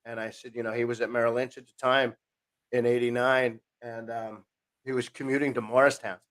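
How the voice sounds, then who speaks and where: A man's voice: medium pitch, a little fast. Rambling New man in his fifties. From New Jersey, USA. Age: 50s. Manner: rambling, self-interrupting, animated retelling with quoted voices. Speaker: podcast guest. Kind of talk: casual storytelling interview.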